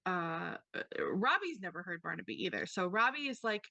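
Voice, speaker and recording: Bright-voiced woman game master. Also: lowish voice, expressive, brisk, vocal fry, no echo. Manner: loose narration with many fillers. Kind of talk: narrating a tabletop game.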